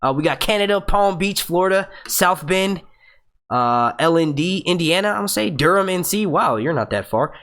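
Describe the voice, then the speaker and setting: A man's voice: high-pitched, animated, normal speed, fairly bright tone. A young man hosting a casual live stream, profane and hyped, stuttering and restarting often as he urges viewers on. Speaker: livestream host.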